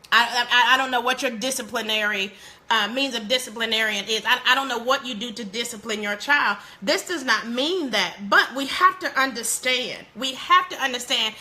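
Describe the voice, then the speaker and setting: Woman host, high and bright, preachy and animated, talks straight to viewers, laughs often. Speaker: parenting show host. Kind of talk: live-streamed parenting talk.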